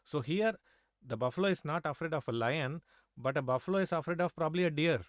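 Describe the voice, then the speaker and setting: A chess coach with a somewhat high voice talks fast during a live lesson, coaxing students with rhetorical questions and constantly checking in with "right?" and "okay?" The studio-quality audio has no room sound.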